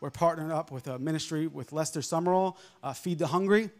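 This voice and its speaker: Man, preacher, softened New York accent, fervent sermon, amens and laughs, fairly high voice. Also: fast talker.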